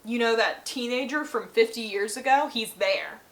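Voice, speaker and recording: A woman's voice: on the high side, normal speed, low-quality recording. A woman host chatting through a casual, rambling book recap with lots of fillers.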